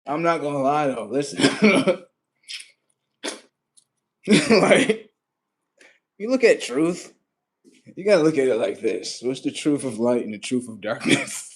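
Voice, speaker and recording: A man ranting on a live stream in a slangy, swearing, animated way. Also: medium pitch, slow pace, long pauses. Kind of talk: profane live-stream rant.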